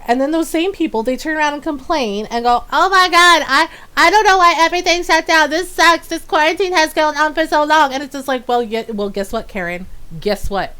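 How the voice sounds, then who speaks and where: A woman streamer chatting casually with her live viewers, ranting in exasperation and breaking into quick laughs. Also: a little high. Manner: animated, talks to chat directly. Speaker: game streamer.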